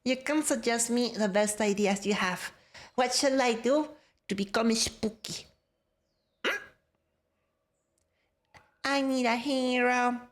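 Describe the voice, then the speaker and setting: A woman's voice: a little high, slow, long pauses. Playful young woman streamer. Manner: playful, greets chat by name. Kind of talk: casual live-stream chat.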